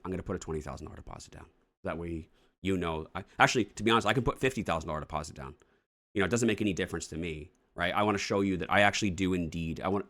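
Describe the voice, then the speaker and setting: Low-voiced guy rattling off real estate coaching, blunt, swears a lot, plays out talking to a seller. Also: a bit bright. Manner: acts out offers as if speaking to a seller. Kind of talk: casual coaching talk on a morning show.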